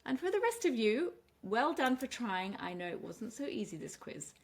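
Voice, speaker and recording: A woman teaching English pronunciation and word stress, speaking clearly and deliberately, slowing down on the example words. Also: a little high, big pitch swings. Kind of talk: pronunciation lesson.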